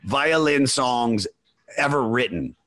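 Excitable rambling man, dry close sound. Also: mid-range voice, takes it slowly, dry recording. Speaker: podcast host. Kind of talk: casual chat.

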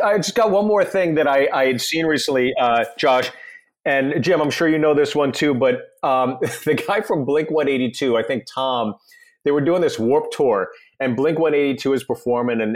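A man telling a story in casual chat, halting and laughing as he goes. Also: mid-range voice. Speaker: comedian guest.

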